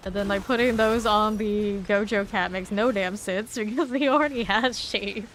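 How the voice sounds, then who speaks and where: This woman speaks at a normal pace in a mid-range, fairly bright voice, with faint music playing behind her. She's also streaming a game and offering casual commentary to herself, humming and quietly counting as she goes.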